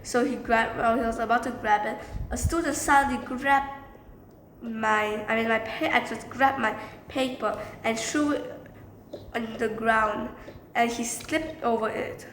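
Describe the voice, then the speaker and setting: A woman's voice: on the high side, steady tone, measured pace, a bit bright, reverberant, slight background noise, rough recording. A young woman casually telling a classroom story, rambling and restarting as she goes. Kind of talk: casual storytime narration with acted quotes.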